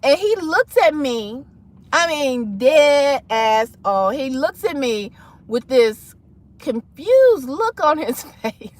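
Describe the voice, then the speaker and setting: A woman's voice: high voice, takes it slowly. A woman hosting a casual livestream, telling a personal story with dramatic flair and acting out the people in it. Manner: animated, dramatic, acts out voices in her story. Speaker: livestream host.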